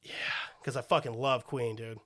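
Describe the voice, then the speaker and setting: A man's voice: mid-range voice, steady tone, normal speed, fairly bright tone. Profane joking male podcast host. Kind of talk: casual chat.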